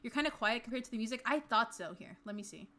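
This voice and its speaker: Woman streamer, chatty and bubbly, brightish higher voice, desk mic. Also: lively intonation, quick pace. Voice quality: bubbly, chatty, talks to chat. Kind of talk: casual livestream chat. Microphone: desk mic, not close to mouth.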